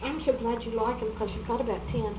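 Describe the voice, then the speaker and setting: Higher-voiced homey woman in an echoey room. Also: fairly even intonation, a little fast. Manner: homey, chatty, talks about her cooking. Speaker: cooking show co-host. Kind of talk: casual chat over dinner. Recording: echoey room with background noise.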